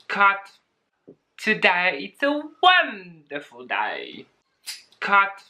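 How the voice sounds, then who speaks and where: A woman talking casually in a home unboxing vlog, excitable and giggly, gushing over what she opens. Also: deep voice, slow, long pauses. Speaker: plant vlogger.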